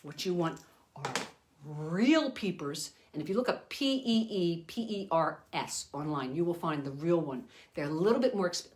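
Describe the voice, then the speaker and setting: A woman's voice: low voice, animated, moderate pace, a little mellow, slight background noise. An older woman, a children's entertainer, giving a chatty, rambling puppet-making lesson with frequent self-corrections.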